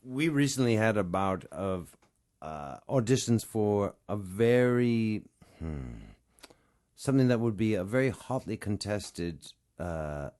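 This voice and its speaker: A man's voice: lowish voice, lively intonation, slow pace, a little mellow. A man, a voice actor co-hosting a podcast, explaining his craft in an analytical way during casual chat.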